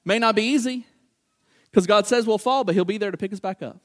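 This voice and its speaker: A middle-aged man with a high voice preaches a little fast, animated as he acts out small exchanges and repeats words for emphasis.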